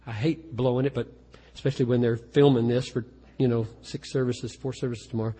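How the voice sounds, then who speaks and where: A man's voice: mid-range voice, steady tone, fairly quick, hardly any pauses, warm tone, breathy edge. A man, a pastor, talking earnestly and self-deprecatingly about writing poetry, often restarting his sentences. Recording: long reverb of a large hall.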